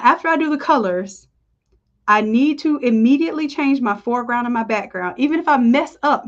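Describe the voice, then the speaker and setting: A woman with a fairly high voice leads a live design tutorial, chatting upbeat with her viewers as she works. The stream audio sounds a little dull and lo-fi. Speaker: design instructor. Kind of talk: live screen-share tutorial.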